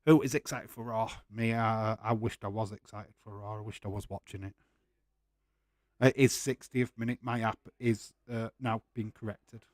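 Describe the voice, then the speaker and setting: A man's voice: lowish voice, fairly even intonation, normal speed, darkish tone, dry recording. A man hosting a casual live watch-along, chatting loosely and laughing often. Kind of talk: casual live-stream chat.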